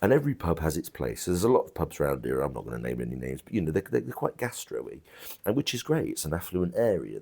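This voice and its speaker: Gravelly deep-voiced pub landlord. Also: male voice, very animated, quick pace, warm tone. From England. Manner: blunt, chatty, many restarts and asides. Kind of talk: casual interview chat. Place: country pub bar.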